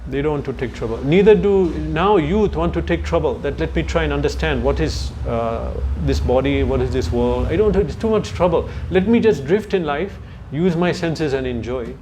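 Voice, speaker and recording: A man lecturing on scripture to a youth audience, his voice pitched somewhat above the usual male range. He talks like he's telling stories, stopping now and then to hunt for a word or to check in with his listeners. A faint hiss runs under the recording. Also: expressive, normal speed, hardly any pauses, mellow. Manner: conversational storytelling with asides to listeners; searches for words mid-sentence. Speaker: spiritual lecturer.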